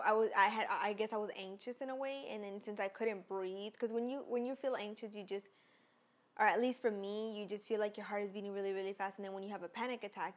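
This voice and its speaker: A young woman vlogger telling a personal story in a casual, rambling way, full of fillers and restarts. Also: mid-range voice.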